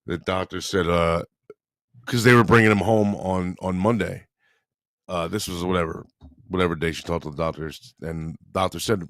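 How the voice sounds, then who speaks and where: A man with a very deep voice tells a story in a casual podcast chat. He speaks bluntly and swears freely, dropping into low mumbled asides. The sound is dry and close. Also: fairly even intonation, moderate pace, fairly bright tone, no room sound. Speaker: podcast co-host.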